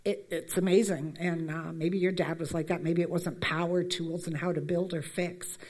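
A woman's voice: on the low side, fairly even intonation, moderate pace, a little mellow. Chatty woman telling a sermon story. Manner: chatty, storytelling, many fillers and asides. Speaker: church speaker. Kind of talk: conversational sermon.

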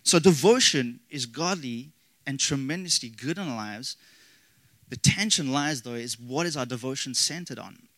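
A man's voice: mid-range voice, animated, normal speed, fairly bright tone, no room sound, poor audio. A man preaching a sermon as pastor, earnest with rising emphasis and casual asides.

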